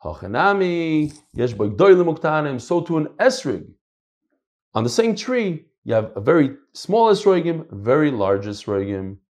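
A middle-aged man teaching a casual Talmud class, animated and swinging between loud and soft. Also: on the high side, moderate pace.

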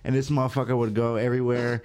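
A man's voice: mid-range voice, level tone, fast talker, a crowd in the background. A man in casual podcast talk, setting up a rebuttal with an anecdote.

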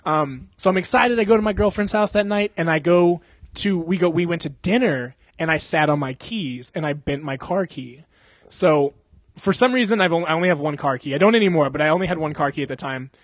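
Young male podcast host, higher voice, rambling and profane, heavy on fillers and sound effects, dry close mic. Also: animated, brisk, dry recording. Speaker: podcast host telling a story. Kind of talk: casual storytelling.

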